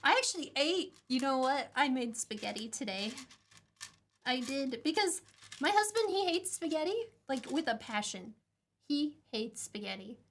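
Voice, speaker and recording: Giggly high-voiced young woman streamer. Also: very animated, normal speed, fairly bright tone, slight background noise. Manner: giggly, rambling, self-mocking. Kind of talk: casual chat while soldering.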